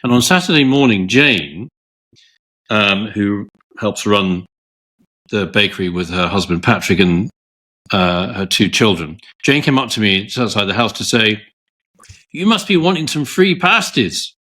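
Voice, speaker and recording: Low-voiced man, rambling co-host. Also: a little slow, bright, forceful tone. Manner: rambling storyteller, many restarts. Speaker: podcast co-host. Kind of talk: casual chat.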